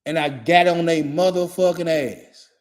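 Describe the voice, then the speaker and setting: A man's voice: on the high side, measured pace. A man in his forties delivering a blunt, profane monologue in a repetitive, emphatic way.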